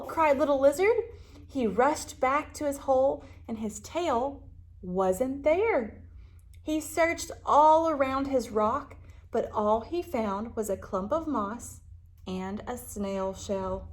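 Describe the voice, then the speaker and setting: A female librarian reads a picture book aloud to children in a high, slow voice. She's animated, gasping and asking them questions along the way.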